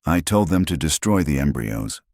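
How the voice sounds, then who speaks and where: Remorseful ex-husband, earnest and pleading, very deep voice played by a man. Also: sing-song, normal speed, darkish tone, dry recording, studio quality, full character voice. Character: remorseful divorced man, desperate to make amends.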